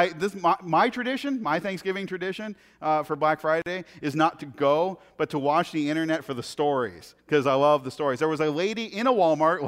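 A man preaching a sermon, telling funny everyday stories in a chatty, animated way. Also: fairly high pitch. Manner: conversational, animated, self-deprecating anecdotes. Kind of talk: sermon with humorous storytelling. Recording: long hall reverb.

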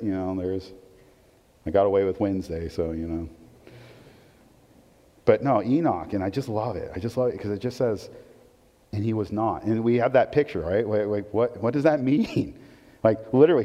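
A male pastor preaching a sermon in a conversational, animated way, swinging between loud emphatic lines and quiet asides, and asking the audience questions. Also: medium pitch. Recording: dull, long-reverb hall recording.

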